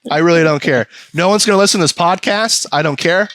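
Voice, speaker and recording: A man's voice: on the high side, quick pace, fairly bright tone, no room sound. A man hosting a podcast, ranting profanely in casual chat and slipping into mocking voices. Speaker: podcast host.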